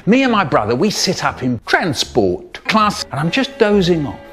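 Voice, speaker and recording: Man telling a silly story, lively voice. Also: on the high side, normal speed, over music. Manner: jumpy storytelling full of silly voices and sudden yelps. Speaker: narrator. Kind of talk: absurd comedic storytelling.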